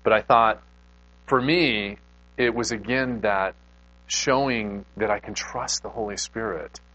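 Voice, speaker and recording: A man's voice: lowish voice, unhurried, a bit bright, dull audio. A man preaching a casual, conversational sermon, telling a personal story with lots of restarts and self-deprecating asides. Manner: extrovert.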